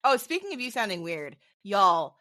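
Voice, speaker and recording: A woman co-hosting a casual podcast, her bright voice swinging freely up and down as she talks. She is expressive and self-deprecating, heard close and dry with no room sound. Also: medium pitch, normal speed, no room sound. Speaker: podcast co-host. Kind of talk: casual chat.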